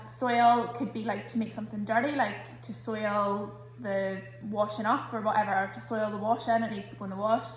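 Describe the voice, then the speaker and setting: A woman with a Scottish accent, a primary school teacher recording a spelling lesson for children. She explains each word patiently and says every sound slowly and carefully. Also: fairly high pitch, roomy sound.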